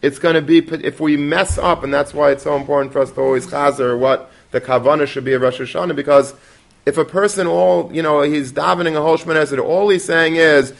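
A man's voice: fairly high pitch, fairly even intonation, quick pace, gravelly. A man teaching a Torah class in a conversational way, dropping Yiddish and Hebrew terms and restarting often.

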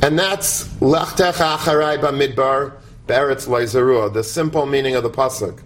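A man giving a sermon, conversational and animated, often asking the audience to imagine. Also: mid-range voice, normal speed, slight background noise. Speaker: rabbi giving a talk.

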